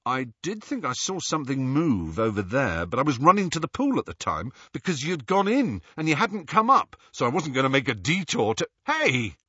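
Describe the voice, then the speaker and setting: A man voicing a blunt, awkward young man who talks loudly and haltingly. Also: medium pitch, wildly swooping pitch, breathy edge, dry recording, highs cut off, exaggerated voice.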